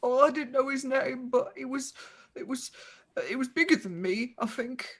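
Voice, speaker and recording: A woman's voice: high-pitched, moderate pace, slightly rough, pitched above the performer's own voice. Woman doing a stammering, frightened little goblin. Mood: rambling. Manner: stammering, rambling and pleading. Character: timid, whimpering male goblin captive. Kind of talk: tabletop role-play voicing.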